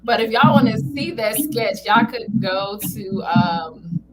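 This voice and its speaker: A woman's voice: fairly high pitch, animated, slow pace, background noise. A woman guest on a talk show, a comedian chatting informally and laughing often. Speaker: guest, comedian and entertainment founder. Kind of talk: casual interview chat.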